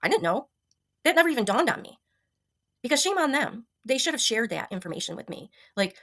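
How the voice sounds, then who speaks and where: A woman's voice: fairly high pitch, very animated, fairly quick, fairly bright tone. A woman in her fifties sharing a personal health story, earnest and emotional, with many ums and restarts. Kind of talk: personal testimonial.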